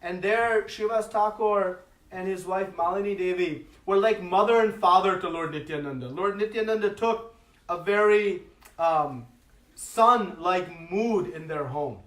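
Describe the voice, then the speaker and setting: A man's voice: high voice, unhurried, a bit bright. A man giving a devotional class, telling a sacred story expressively, with frequent fillers. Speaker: speaker giving a religious class. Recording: echoey hall, mic at a distance.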